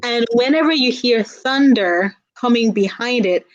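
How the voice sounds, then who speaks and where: A woman tells a folktale in a playful, unhurried way. She invites the listener to answer back in call-and-response. Her voice sits a little high. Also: dull audio. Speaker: children's book author and guest. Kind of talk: telling a folktale aloud.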